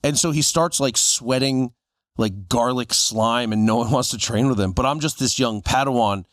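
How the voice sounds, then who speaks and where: A man's voice: mid-range voice, normal speed, no echo, studio quality. A man in his forties, a podcast co-host, telling stories casually and acting out the voices of people he quotes. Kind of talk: casual storytelling chat.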